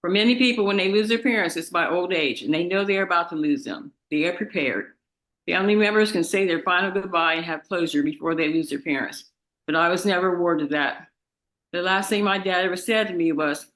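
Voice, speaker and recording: A young woman, the victim's daughter, reads a halting, emotional statement in a courtroom, often repeating her words. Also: lowish voice, fairly bright tone, reverberant, poor audio. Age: young adult. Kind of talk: reading a victim impact statement.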